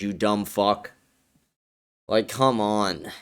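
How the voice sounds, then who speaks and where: A young man hosts his political livestream in a heated, blunt rant, full of swearing and filler words. His voice sits a bit low and comes through smooth and resonant. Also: fairly even intonation, unhurried, long pauses. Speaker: livestream host. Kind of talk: ranting political commentary stream.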